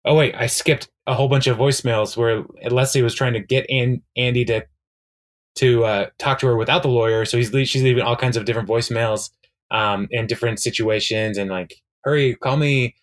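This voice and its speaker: A man chatting on a podcast, recapping a TV episode with plenty of ums and uhs. He retells scenes and quotes the characters as he goes. His voice sits at an ordinary middle pitch. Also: flat delivery, fairly quick. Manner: rambling, many fillers, retells scenes with quoted lines. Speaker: podcast co-host. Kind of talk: casual chat recapping a TV episode.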